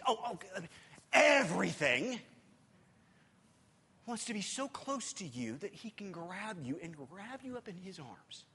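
A man preaching in a church, with a bright, husky voice that carries a long reverb through the hall. He talks emphatically and swings between loud passages and hushed ones, repeating words as he goes. His high pitch leaps around a great deal. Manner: repeats words while gathering his thoughts. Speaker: pastor. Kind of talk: sermon.

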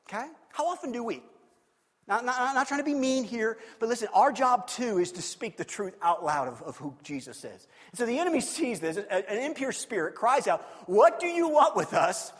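A man preaching a sermon, animated and acting out scenes with shifting voices. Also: high voice, moderate pace, breathy edge, big-room sound. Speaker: pastor.

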